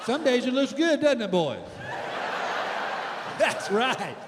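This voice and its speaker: A man's voice: extremely high pitch, takes it slowly. A man in his sixties doing stand-up, telling stories and talking to the crowd in a theater. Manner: storytelling, animated, addresses the crowd. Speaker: stand-up comedian. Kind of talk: stand-up comedy. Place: theater stage. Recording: long theater reverb, faint noise.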